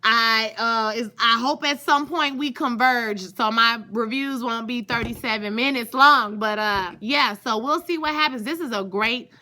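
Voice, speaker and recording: A woman talks through a TV episode in a loose, chatty vlog. Her voice sits a little high and rings bright and forceful. She gushes freely and keeps turning to her viewers. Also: measured pace, hardly any pauses. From Louisiana. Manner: chatty and gushing, often calls out to viewers. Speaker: TV show reviewer. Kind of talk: casual recap vlog.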